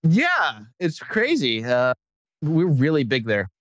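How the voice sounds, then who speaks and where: Male podcast host, lively and fairly high voice, dry close mic, laughs through his jokes. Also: takes it slowly, dry recording. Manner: jokey, laughs often. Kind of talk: casual comic chat.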